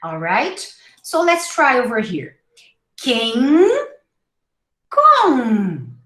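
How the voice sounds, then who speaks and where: A woman teaching English pronunciation in a live online class, slowly modeling each word and repeating it. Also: high voice, big pitch swings, roomy sound, poor audio. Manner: slow, drawn-out modeling of words with repetition.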